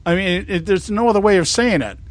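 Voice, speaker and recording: Older man, talk show host, rambling and indignant, stops and restarts, slightly high pitch, dry recording. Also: fast talker, no echo. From California. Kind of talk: conservative talk show monologue.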